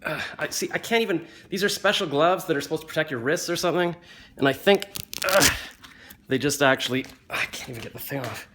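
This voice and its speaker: A man's voice: a little high, fairly quick, a little hiss or hum. A man, telling a rambling, self-mocking story into a phone he holds close to his face at home. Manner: rambling, self-mocking, gets louder and livelier as the story builds. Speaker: vlogger. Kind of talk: casual storytelling. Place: indoors at home, just back from the gym. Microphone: phone held in hand, close to face.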